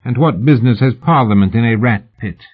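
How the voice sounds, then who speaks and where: A smooth, courteous Victorian gentleman journalist, as a man reads him, mild and ingratiating in every phrase. The voice sits a bit lifted and husky, and the sound is thin and narrow like a phone line. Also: medium pitch, brisk, natural voice. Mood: polite.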